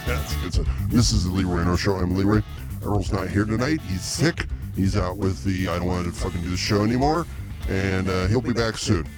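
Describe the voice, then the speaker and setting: A very low-pitched man hosting a comedy show with blunt, gruff banter. He snaps at his co-worker and sounds easily irritated. Music plays clearly behind him. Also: fairly quick.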